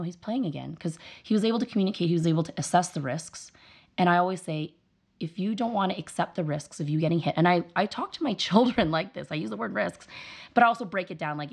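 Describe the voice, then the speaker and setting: A young mother, a guest in a casual interview, telling parenting stories and acting out her children's voices. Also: fairly low pitch. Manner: animated storyteller, acts out her kids' voices.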